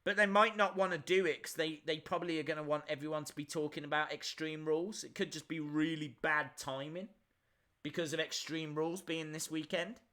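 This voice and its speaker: A man's voice: a little high, steady tone, a little fast, bright, forceful tone. A man hosting a live reaction stream, chatting and answering viewer questions as they come in.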